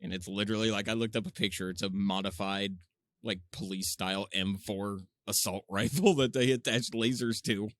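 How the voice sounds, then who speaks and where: Podcast co-host, male, lowish voice, lively storyteller, dry studio sound. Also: fairly quick, no echo. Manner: animated storyteller, swears, laughs often. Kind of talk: casual chat.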